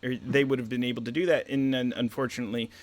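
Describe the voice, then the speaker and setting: A man's voice: medium pitch, little pitch movement, quick pace, over a noisy crowd. A man running a tabletop game as game master, rambling through descriptions with fillers and jokey asides.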